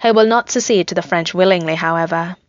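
A woman narrating a story in an even, measured reading voice. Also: on the low side, no echo, highs cut off. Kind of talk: scripted narration of fan fiction.

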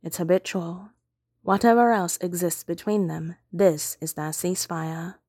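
Low-voiced woman narrating a story. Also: measured pace, mellow, slightly rough, no room sound. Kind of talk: reading fan fiction aloud.

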